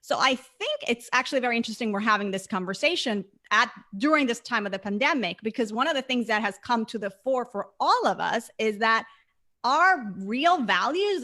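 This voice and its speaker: A woman guest talks through her ideas earnestly, leaning on key words and repeating them for stress. Her voice sits a little high and rings bright and crisp. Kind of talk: conversational interview.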